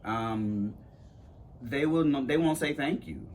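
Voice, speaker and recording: A man's voice: mid-range voice, takes it slowly, a crowd in the background. Man telling stories on a porch. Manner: thoughtful, storytelling, quotes himself in lively voices. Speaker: podcast co-host. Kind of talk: casual conversation. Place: outdoors on a porch.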